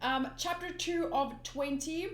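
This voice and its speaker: A young woman rambling casually at home, full of ums and little laughs, reading through a comic for her channel. Her voice is a touch high, and the room gives it a clear echo. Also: steady tone, measured pace, a little hiss or hum. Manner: rambling, lots of ums, giggly asides. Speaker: manga reader and channel host. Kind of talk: casual chatty readthrough. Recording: roomy echo.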